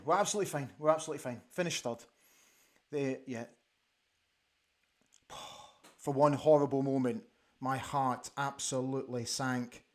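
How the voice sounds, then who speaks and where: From a studio, a man with a mid-range voice hosts a live football watch-along, reacting excitably to the match with exclamations and frequent repetition.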